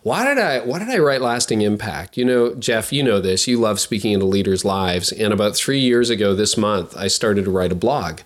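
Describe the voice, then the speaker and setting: A man's voice: lowish voice, lively intonation. A man hosting his podcast, chatty and upbeat, talking about his new book in a casual conversation. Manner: upbeat, chatty, quick asides. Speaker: podcast host and author. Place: office studio at a lakeside retreat.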